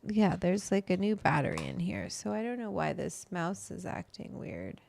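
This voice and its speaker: Gravelly-voiced woman hosting a casual chat. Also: fairly low pitch, moderate pace, slight background noise. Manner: reads quotes aloud, chatty and relaxed. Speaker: host.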